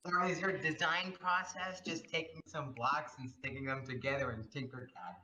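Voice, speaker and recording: A man's voice: a little high, normal speed, bright, forceful tone. A teenage boy in a casual podcast asking pointed questions. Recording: dull lo-fi mic.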